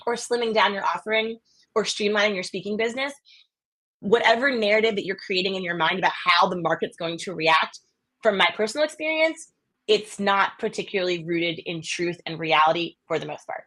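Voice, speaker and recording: A woman's voice: mid-range voice, animated, quick pace. A woman from the US East Coast, a podcast guest, chatting casually and telling stories energetically with lots of quoted voices. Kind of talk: casual interview chat.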